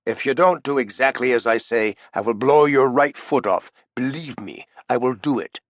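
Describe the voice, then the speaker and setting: A man's voice: mid-range voice, normal speed, no echo, lo-fi sound, natural voice. A man voicing a tough sergeant bodyguard who speaks in firm, clipped commands. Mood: commanding.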